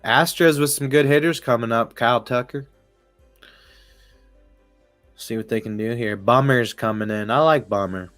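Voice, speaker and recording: A man's voice: mid-range voice, moderate pace, long pauses, a bit bright, no room sound, faint music behind. A man streaming casual live baseball commentary, rambling, swearing often and laughing as he talks. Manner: rambling, profane, laughs while talking. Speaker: sports streamer.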